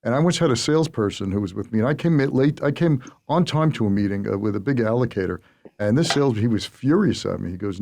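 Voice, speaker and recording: A middle-aged man hosting a podcast interview, telling stories in an animated, emphatic way with his voice rising on key points. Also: medium pitch, fast talker, vocal fry, slight background noise. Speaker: podcast host. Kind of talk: casual interview conversation.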